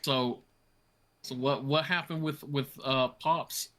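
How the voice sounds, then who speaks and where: A man's voice: mid-range voice, fairly even intonation, slow, sharp tone, slight background noise. A man playing a tabletop horror game, bantering casually, joking, swearing and laughing often. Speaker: player.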